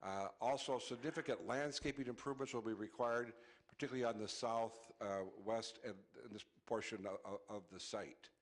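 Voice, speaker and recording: A man's voice: medium pitch, a little fast, hardly any pauses. A man on city staff presenting a zoning item at a council meeting, matter-of-fact and full of "uh" fillers. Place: council chamber.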